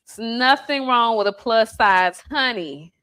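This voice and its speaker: A woman's voice: on the high side, lively intonation, measured pace, fairly bright tone, smooth. A woman hosting a casual home cooking demonstration in her kitchen, chatty and playful, teasing the person filming. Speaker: home cook host.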